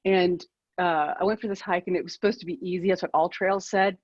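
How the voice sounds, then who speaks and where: A woman's voice: on the low side, fairly even intonation, brisk, no echo, lo-fi sound. A woman in her fifties, a keynote speaker, telling a personal story over a video call in a candid, self-deprecating way.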